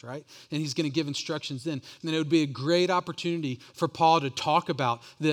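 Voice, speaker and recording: A pastor preaches in a voice pitched a little high for a man. He speaks earnestly, often repeating words as he builds each point. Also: fairly bright tone. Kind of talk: sermon.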